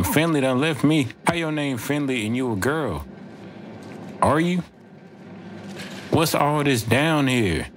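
A man talking through a horror game as he plays, rambling, joking and saying bro every few words. His voice is of middling pitch. Clear game noise runs under him. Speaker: gaming streamer. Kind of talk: let's play commentary. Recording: game audio playing under voice.

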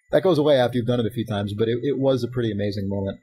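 A man's voice: mid-range voice, slightly rough, rough recording. A man hosting a casual podcast, reading listener emails aloud and chatting, laughing often. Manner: fast-talking, animated, laughs often. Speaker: podcast host.

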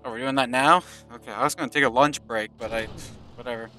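A man's voice: medium pitch, fairly even intonation, quick pace. A man giving casual gameplay commentary, joking and stumbling as he reads tutorial text aloud. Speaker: gaming video host. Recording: with loud game music behind.

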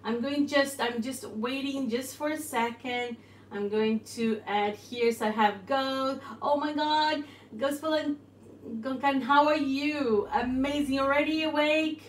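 A woman's voice: sits high, a little slow, reverberant, slight background noise. Bubbly woman hosting a live cooking stream. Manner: bubbly, greets viewers warmly. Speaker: cooking channel host. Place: home kitchen. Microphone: phone.

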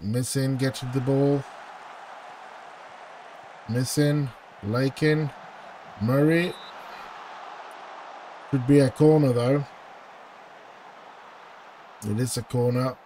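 A man's voice: medium pitch, dark tone, a little hiss or hum. A man commentating his own football management game, pleading with his team and groaning at misses. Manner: anxious, pleading, groans and outbursts of frustration. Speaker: gaming channel host. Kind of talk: let's play commentary.

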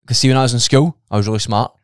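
A man's voice: medium pitch, racing, clear, resonant tone, dry recording, studio quality. A Scottish man chatting casually as a guest on a podcast, talking bluntly with plenty of swearing.

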